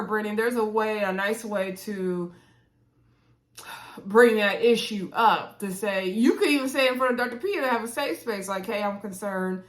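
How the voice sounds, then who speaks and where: A woman's voice: medium pitch, a little slow. Chatty woman recapping reality TV. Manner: chatty, animated, acts out quotes in different voices. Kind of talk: casual recap commentary.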